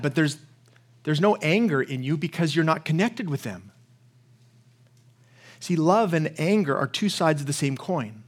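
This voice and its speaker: High-voiced male preacher, impassioned. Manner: impassioned storytelling, repeats words when worked up. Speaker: pastor. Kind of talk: sermon.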